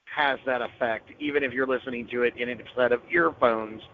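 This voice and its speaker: A man's voice: mid-range voice, fairly even intonation, brisk. A man with a Southern US accent, co-hosting a casual podcast, teasing and wisecracking at the others. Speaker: podcast co-host. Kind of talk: casual banter. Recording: dull lo-fi sound with faint noise.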